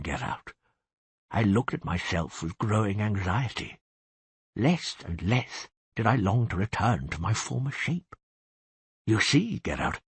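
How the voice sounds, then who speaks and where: Man voicing a husky, chatty beast-man. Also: on the low side, fairly bright tone, dry recording, exaggerated voice. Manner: chatty, confiding, wry. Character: cursed beast-man, hulking, genial, boastful. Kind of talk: audiobook reading.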